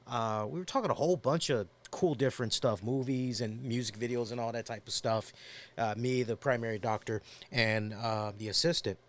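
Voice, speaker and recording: A man's voice: medium pitch, normal speed. A man hosting a podcast, chatting casually and telling a rambling story with lots of fillers while nursing a headache. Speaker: podcast host. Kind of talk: casual chat.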